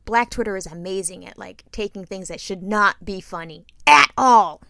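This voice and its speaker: A middle-aged woman spins a story in casual conversation, with a bright, forceful voice. She is animated and profane and acts out everyone's lines. The sound is close and dry. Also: medium pitch, moderate pace, vocal fry, no echo. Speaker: podcast co-host.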